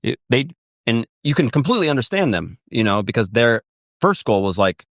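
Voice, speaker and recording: A man's voice: medium pitch, sing-song, fairly quick, dry recording, studio quality. A man, a guest on a podcast, telling a story animatedly with many fillers and repeated words. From United States. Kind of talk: conversational podcast discussion.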